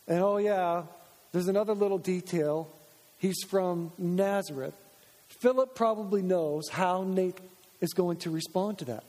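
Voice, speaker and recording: A man's voice: sits high, a little slow, a little mellow. A man preaching a sermon as pastor in a church, conversational and acting out quoted voices. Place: church sanctuary. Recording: long church reverb.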